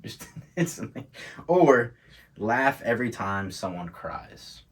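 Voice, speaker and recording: A man's voice: medium pitch, big pitch swings, takes it slowly, slightly rough. A man co-hosting a podcast, talking in a laid-back, casual way and laughing often. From England. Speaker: podcast co-host. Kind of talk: casual chat.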